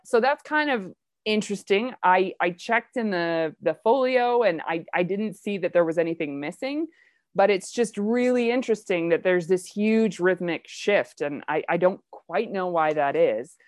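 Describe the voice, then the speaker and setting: A woman leading a casual play discussion, chatty and enthusiastic with quick asides. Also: mid-range voice, no echo, clean studio sound. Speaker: discussion leader of a play reading.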